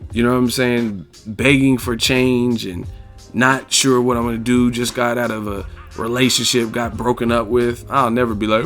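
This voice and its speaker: A man at a mid-range pitch talks bluntly and candidly in loose, slang-heavy speech, often checking in with "you know what I'm saying". Faint music plays softly behind him. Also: little pitch movement, normal speed. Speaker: vlogger answering viewer questions. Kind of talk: casual opinion monologue.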